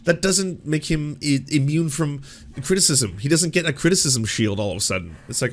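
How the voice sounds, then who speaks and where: A man's voice: a little high, big pitch swings, normal speed, fairly bright tone. A man hosting a commentary show, ranting with profane language and stammering restarts. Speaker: commentary host.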